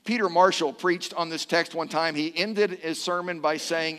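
A man preaching a sermon as pastor, leading a responsive scripture reading and joking with his congregation in an animated way. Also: fairly high pitch, normal speed, hardly any pauses, in a large hall.

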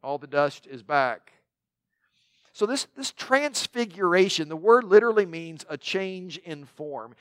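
A man's voice: high-pitched, animated, a little slow, smooth, no echo. A man preaching a sermon in a conversational way, with joking asides to the congregation. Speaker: pastor.

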